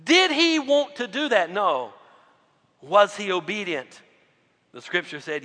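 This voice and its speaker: A male pastor preaching a sermon, swinging between loud emphatic lines and quiet low drops. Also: animated, takes it slowly, pauses often, big-room sound.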